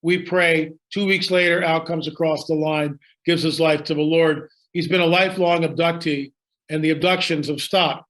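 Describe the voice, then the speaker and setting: A man's voice: on the high side, fairly even intonation, normal speed, a bit bright. A man telling a story in conversation, emphatic and dramatic, repeating lines for effect. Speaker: guest storyteller.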